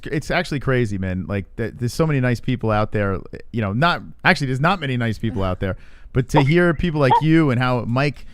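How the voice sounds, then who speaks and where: Excitable man hosting a stream. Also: medium pitch, smooth, no echo. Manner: excitable, swears casually. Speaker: stream host. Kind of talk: casual chat on a live stream.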